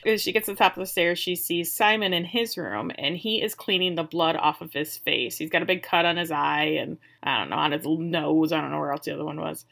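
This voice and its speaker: A woman recapping a TV episode in casual podcast chat. She tells it as lively storytelling, playing out each character's lines and laughing along the way. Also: deep voice, brisk, creaky, few pauses. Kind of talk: casual chat, retelling scenes.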